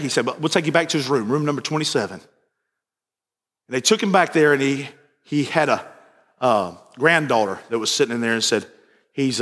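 A man preaching a sermon as pastor, telling stories and moving between quiet asides and raised fervor. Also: high-pitched. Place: church sanctuary. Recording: church sanctuary with long reverb.

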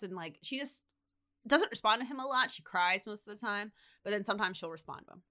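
A woman's voice: medium pitch, fast. A woman co-hosting a podcast, casually retelling a TV episode and acting out the characters as she goes. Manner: animated storyteller, acts out characters. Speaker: podcast co-host.

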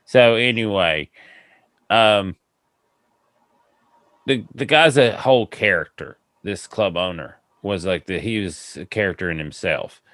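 A man's voice: deep voice, measured pace, long pauses, no echo. A man hosting a podcast, telling a long funny story in a rambling way, laughing and acting out the people in it. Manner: rambling, laughing, animated retelling with quoted voices. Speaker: podcast host. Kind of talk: casual storytelling chat.

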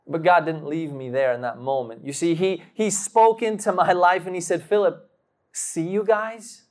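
A man delivers a sermon, slowly and dramatically recounting a personal story, acting out quotations and erupting into sudden loud bursts. His voice sits fairly high.

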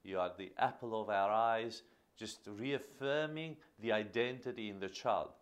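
Man, low voice, earnest, emphatic, repeats phrases, parenting podcast host. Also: unhurried. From Australia. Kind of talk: teaching monologue on parenting.

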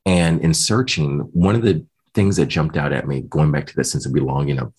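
A man with a very low, husky voice tells his own story in an interview. He talks casually and keeps quoting what others said to him. His tone is low and rough at the edges. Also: fairly quick. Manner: animated retelling, voicing others in quotes. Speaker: guest.

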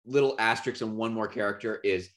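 A man's voice: lowish voice, fast, a bit bright. A man co-hosting a casual film chat, hesitant and restarting his sentences. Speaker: podcast co-host.

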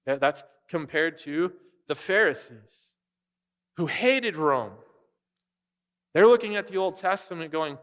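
A man's voice: on the high side, a bit bright. A man pastor preaching a sermon, direct and emphatic, often posing rhetorical questions to the congregation.

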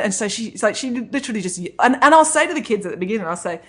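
Casting: woman, children's author being interviewed, chatty and quick to laugh. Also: mid-range voice, expressive, husky. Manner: chatty, laughs often, self-deprecating. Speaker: children's author and comedy writer. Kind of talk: interview conversation.

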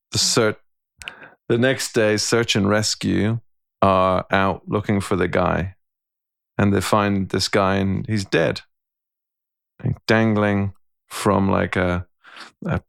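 A man with a low, gravelly voice speaks in a casual, thoughtful podcast chat. He circles back on his words and restarts sentences as he works through an idea. The sound is close and dry. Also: flat delivery, slow, dry recording. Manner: thoughtful, storytelling, frequent restarts. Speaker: podcast co-host. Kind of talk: casual reflective conversation.

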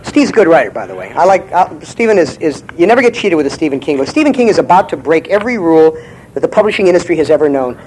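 A brash, profane man gives a comic lecture on writing, rambling with stammered restarts. His voice runs high and swoops animatedly. Faint noise hums in the background. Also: sing-song, quick pace, a little mellow, poor audio. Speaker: writer giving a lecture.

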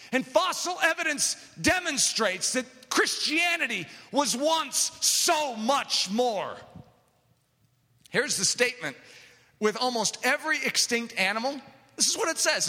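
A man preaching a sermon, impassioned and building to shouted lines. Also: very high-pitched. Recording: reverberant hall.

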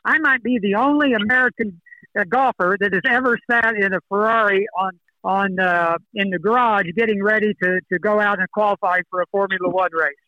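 An older man, a golfer, telling animated stories as a guest in a podcast interview. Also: high-pitched, a little fast, dry recording, muffled recording. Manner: storytelling, animated.

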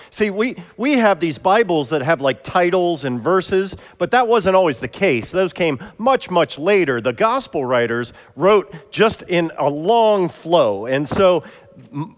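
A playful male pastor with a fairly high voice, bantering and coaxing helpers up front. His words ring out in a church with a long, lingering reverb. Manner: playful, jokey, coaxing volunteers. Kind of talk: interactive sermon. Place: church sanctuary.

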